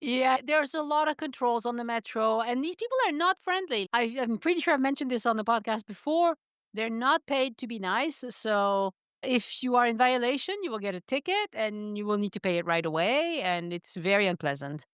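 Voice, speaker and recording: Smooth, higher-voiced woman podcast host. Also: animated, moderate pace, a bit bright, no echo, studio quality. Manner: frank, matter-of-fact, with short listening sounds. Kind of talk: casual interview chat.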